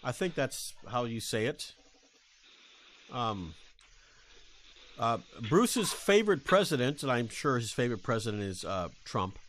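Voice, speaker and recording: A man hosting a podcast, talking casually in a halting way with crude jokes, and reading a news story aloud. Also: medium pitch, expressive, fairly bright tone, a little hiss or hum. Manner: halting, many fillers and restarts, crude jokes. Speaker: podcast host.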